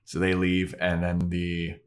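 A man's voice: low voice, completely flat delivery, a little slow, smooth. A young man co-hosting a podcast, casually retelling an episode scene by scene, acting out quotes with swearing. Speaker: podcast co-host. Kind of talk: casual chat recapping an episode.

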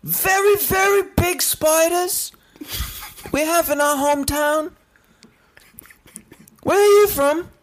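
A woman's voice: extremely high pitch, slow, long pauses, slight background noise. A woman playing a British man who is trying to pass as Australian, with a mock Australian accent and boastful tall tales. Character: British man faking a clumsy Australian act.

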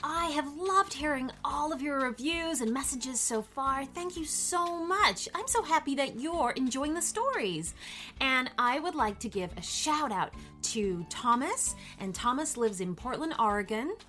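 A woman reading a children's bedtime story aloud in an expressive, lilting voice. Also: high voice, measured pace, soft background music.

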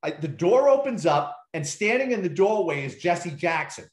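A middle-aged man, a retired police detective, tells story after story in a relaxed, chatty way. He acts out the other people's lines as he goes and swears casually. His voice sits a little high, and the room around him rings with echo. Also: normal speed. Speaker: interview guest, retired police detective and author. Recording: roomy echo.

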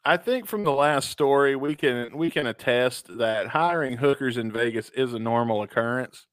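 A man with a smooth, resonant voice co-hosts a casual podcast, reading out listener stories in an easy, laid-back way. The sound is dry and close, with no room around it. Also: mid-range voice, moderate pace, no echo. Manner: laid-back, reads stories aloud and ranks them, chuckling. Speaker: podcast co-host.

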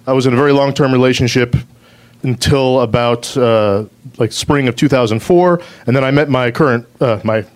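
A man tells a true personal story, hesitating often with ums and uhs. He sounds self-amused as he talks. His voice sits at a medium pitch. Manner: halting, filler-heavy, self-amused.

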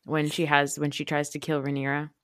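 A man's voice: a little high, monotone, a little fast, fairly bright tone, clear, resonant tone, dry recording. Gossipy man in a dry recap chat. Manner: rambling, gossipy, full of fillers. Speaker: podcast co-host.

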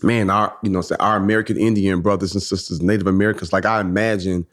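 A man's voice: sits low, fast. A man in his thirties co-hosting a podcast, talking in a casual, reflective way and telling stories. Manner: reflective, storytelling with animated quoted voices. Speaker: podcast co-host.

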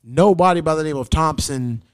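Loud, profane young man telling a story. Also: fairly high pitch, normal speed. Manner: profane, animated, acts out quotes loudly. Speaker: podcast host. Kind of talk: casual storytelling chat.

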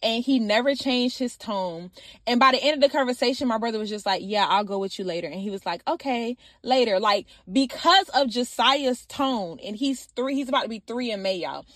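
A young woman delivers a casual, faith-based message with a high, bright voice. She talks straight to her listeners and builds emphasis by repeating phrases. The recording is close and dry, with no room sound. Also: a little fast, no room sound. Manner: informal, animated, repeats phrases for emphasis and often says "y'all". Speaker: podcast host. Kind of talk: faith-based motivational talk.

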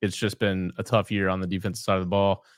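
A man's voice: low-pitched, level tone, fast, no echo, clean studio sound. A man co-hosting a sports podcast, chatting casually and joking about the games. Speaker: podcast co-host.

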